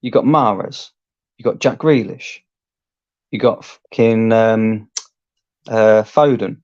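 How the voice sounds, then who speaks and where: Calm football fan man, dry dull sound. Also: lowish voice, slow, no room sound. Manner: calm, explanatory, argumentative. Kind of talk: casual football chat.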